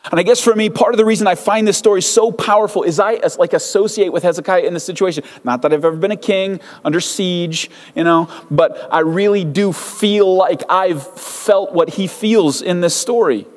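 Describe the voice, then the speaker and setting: Guy preaching a sermon, kinda high voice, chatty and animated, long echo in the hall. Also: normal speed, few pauses. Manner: conversational, animated storytelling with frequent restarts. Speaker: pastor.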